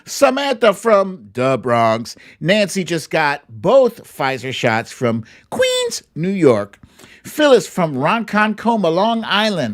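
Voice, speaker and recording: A man's voice: a little high, wildly swooping pitch, unhurried. A man hosting a live stream, reading out viewers' greetings with playful, sing-song asides and little hums. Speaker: livestream host. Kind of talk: reading a live chat roll call.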